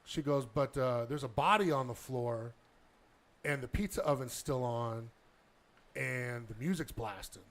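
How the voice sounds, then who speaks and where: A man's voice: mid-range voice, measured pace. A man casually telling a long story on a podcast, acting out the dialogue and swearing a lot. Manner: animated storyteller, heavy swearing, acts out dialogue.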